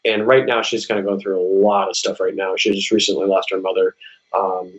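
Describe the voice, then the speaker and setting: In poor audio, a musician guest briskly tells stories during a casual interview. He's animated and full of restarts, his voice shooting up high as he acts out people's lines.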